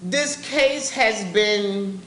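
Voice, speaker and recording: A woman's voice: mid-range voice, very slow, fairly bright tone. A woman giving personal testimony as a speaker at a public forum, talking in a blunt, impassioned, colloquial way. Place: meeting room at a live public event. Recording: roomy live-event recording with faint background noise.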